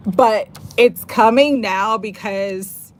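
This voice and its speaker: A woman's voice: mid-range voice, slow. A woman giving a live-streamed tarot reading, effusive and emotional, at times close to tears. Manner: emotional, effusive, gets teary. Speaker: tarot reader.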